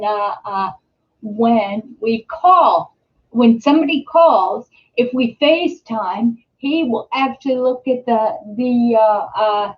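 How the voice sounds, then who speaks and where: A middle-aged woman hosting a casual live stream from home, rambling with lots of fillers and restarts. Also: a little high. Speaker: host. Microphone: webcam or computer mic. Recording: slightly dull, lo-fi home webcam audio.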